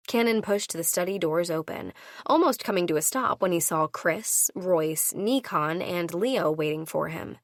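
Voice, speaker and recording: A woman narrating a first-person audiobook into a studio microphone, playful and expressive in her delivery. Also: on the low side, moderate pace, dry recording.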